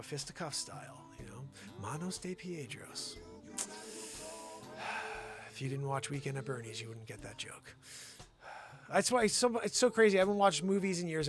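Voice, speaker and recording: A man with a fairly high voice hosts a casual livestream, greeting viewers by name with animated energy. Music plays clearly behind him as he talks into his desk mic. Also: fairly quick. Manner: animated, loud shout-outs to viewers. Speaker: host.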